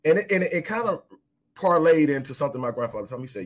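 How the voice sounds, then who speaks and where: A man speaking earnestly in conversation, giving measured, encouraging advice. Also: a little high, big pitch swings.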